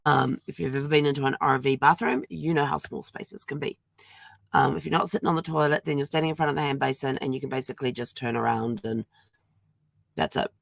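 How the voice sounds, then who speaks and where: A woman's voice: very deep voice, steady tone, a little fast, vocal fry, no room sound. A middle-aged woman hosting a casual daily video diary while ill with a sore throat and congestion, talking around a throat lozenge, chatty and rambling, laughing at herself. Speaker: vlog host.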